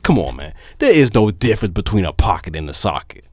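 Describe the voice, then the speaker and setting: Low-voiced casual man DJ, dry sound. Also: fast, no echo. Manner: laid-back with many fillers, then animated and emphatic. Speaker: DJ and vlogger. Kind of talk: casual talk to camera.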